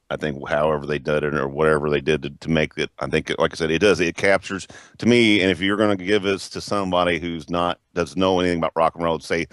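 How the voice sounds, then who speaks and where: A man's voice: extremely low pitch, no echo, clean studio sound. A man co-hosting a casual rock podcast, rambling with many restarts and self-corrections. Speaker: podcast co-host.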